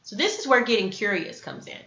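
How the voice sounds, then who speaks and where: A woman's voice: mid-range voice, animated, brisk, bright, forceful tone. A woman hosting a self-help lesson, talking earnestly to the camera and acting out sample dialogues. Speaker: self-help video host. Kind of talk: teaching talk to camera. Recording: echoey room, dull lo-fi sound.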